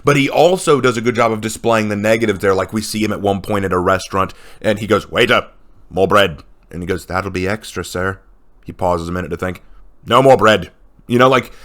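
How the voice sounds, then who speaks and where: A man's voice: on the low side, fairly quick, a bit bright. A man co-hosting a casual chat, retelling favorite film scenes with enthusiasm. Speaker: co-host of a movie list video.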